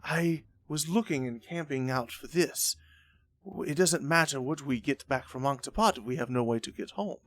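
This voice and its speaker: A man voicing a shrewd, ruthless male caravan lord with a grand, booming manner in a tabletop game. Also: normal speed, no echo, natural voice. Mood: scheming.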